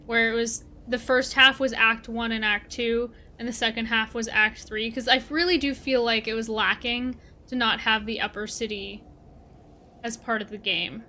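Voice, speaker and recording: Speaking at normal speed over slight background noise, a bright, forward female streamer from Canada talks through her game livestream. Her high, lively voice wanders casually between ideas as she responds aloud to viewers.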